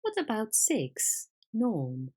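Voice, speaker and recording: A woman teaching an English vocabulary lesson, patient and clear, asking questions and confirming answers. Her first language is Spanish. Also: fairly high pitch, huge pitch swings, slow, mellow.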